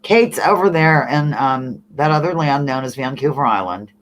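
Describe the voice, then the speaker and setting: A woman from the eastern US hosting a casual livestream, reading chat comments aloud in an animated, laughing way. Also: a bass voice, moderate pace, a little hiss or hum. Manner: animated, laughing, reads comments in playful voices. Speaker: livestream host.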